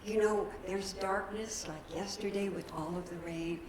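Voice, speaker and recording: A woman's voice: medium pitch, fairly even intonation, moderate pace, a crowd in the background. A woman minister, giving a chatty, folksy sermon in a church. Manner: chatty, folksy, laughing at her own slips. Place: church sanctuary. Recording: roomy church hall with background noise.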